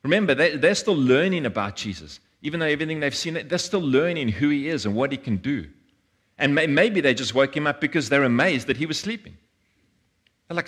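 A man's voice: a little high, expressive, fairly quick, a bit bright, husky. A man preaching a conversational sermon, earnest and informal, often restarting and repeating words as he speaks.

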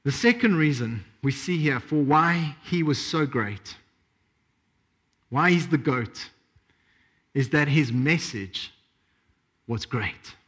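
A man's voice: medium pitch, expressive, slow pace, pauses often, a bit bright, husky. A man preaching a sermon, emphatic, repeating key phrases and asking rhetorical questions.

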